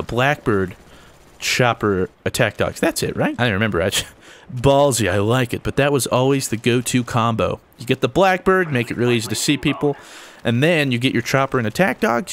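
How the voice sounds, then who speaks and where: Excitable young man narrating gameplay. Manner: excitable, jumps to high yelps when the action spikes. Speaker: gaming YouTuber. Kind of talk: gameplay commentary.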